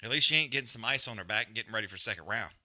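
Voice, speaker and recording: Male watch-along host, profane and slangy, very bright tone, lively pitch. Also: rapid-fire. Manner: loose, profane, animated breakdown with slang. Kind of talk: casual live fight commentary.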